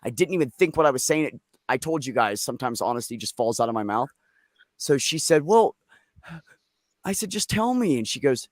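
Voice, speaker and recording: A man's voice: on the high side, lively intonation, brisk, no echo, clean studio sound. Blunt, profane middle-aged man on a live chat. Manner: blunt, profane, joking storyteller. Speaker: livestream host. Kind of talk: casual live chat with callers.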